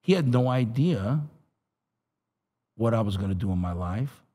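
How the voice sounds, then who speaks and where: Man, middle-aged, pastor, animated storyteller, street slang, husky, dark tone. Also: fairly low pitch, measured pace. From Los Angeles area. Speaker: pastor and guest. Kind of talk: storytelling testimony.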